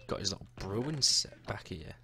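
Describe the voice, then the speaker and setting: A man's voice: lowish voice, big pitch swings, moderate pace, creaky, pushed and bright, slight background noise. A young man narrating his own gameplay in a chatty, jokey way, talking to the characters he meets. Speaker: gaming YouTuber. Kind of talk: let's-play commentary.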